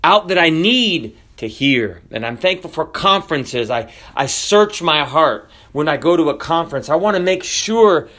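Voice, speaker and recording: A man's voice: lively intonation, sharp tone. Impassioned man preaching a sermon. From United States. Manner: varies pitch and pace widely, rising for emphasis and slowing on key phrases. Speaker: pastor. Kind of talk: sermon with scripture reading.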